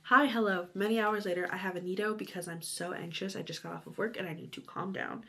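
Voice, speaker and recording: A woman's voice: mid-range voice, steady tone, fast talker, vocal fry, pushed and bright, slightly rough. A young woman chatting casually in a reading vlog from home, giggly and rambling, sometimes dropping to a whisper. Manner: giggly and rambling, many "like"s, drops to a whisper at times. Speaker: booktube vlogger.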